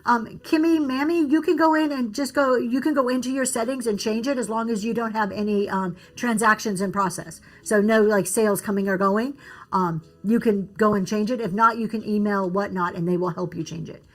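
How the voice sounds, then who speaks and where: A woman's voice: mid-range voice, fairly even intonation, fairly quick. A woman giving casual business advice on a livestream, reading and answering comments from chat. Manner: chatty, reads and answers comments, restarts often.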